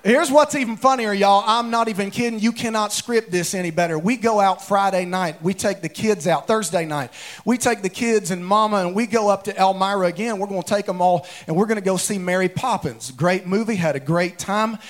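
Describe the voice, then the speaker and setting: A man's voice: high voice, brisk. A man, a pastor, preaching a humorous sermon full of folksy comic storytelling. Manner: folksy, animated, comic storytelling that bursts into shouts. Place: church sanctuary with congregation.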